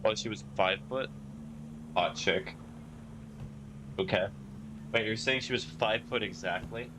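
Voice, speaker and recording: A man's voice: on the low side, measured pace. A man streaming a driving game, chatting casually and answering his viewers' chat messages as he plays. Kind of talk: casual live-stream chat while playing. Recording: steady noise and hum behind the voice.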